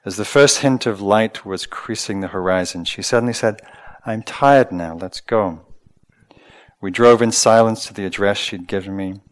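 A male meditation teacher giving a dharma talk, speaking slowly and gently with reflective pauses and hesitations. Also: on the low side.

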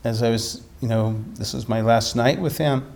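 A man, a meditation teacher, telling a story in a dharma talk with animated delivery and frequent restarts. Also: medium pitch, normal speed, gravelly.

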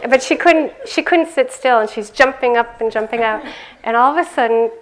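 An older woman giving a conversational dharma talk as a meditation teacher, laughing often and growing animated as she tells stories. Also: on the high side, normal speed, slight background noise.

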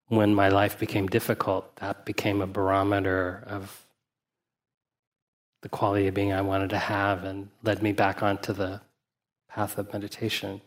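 Male meditation teacher, lowish voice, dharma talk: reflective, anecdotal, gently humorous. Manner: reflective, unhurried asides with 'uh' and 'you know'.

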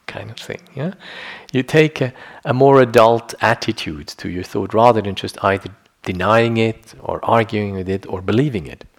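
A man's voice: fairly low pitch, moderate pace, gravelly. A middle-aged man giving a meditation teaching, reflective and conversational, often checking in with "you know" and "yeah". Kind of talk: dharma talk.

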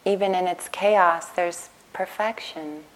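A woman meditation teacher giving a gentle dharma talk at a retreat, telling stories in a soft, calm way. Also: on the low side, slow pace, rough recording. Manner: gentle, storytelling, soft-spoken. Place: retreat center meditation hall.

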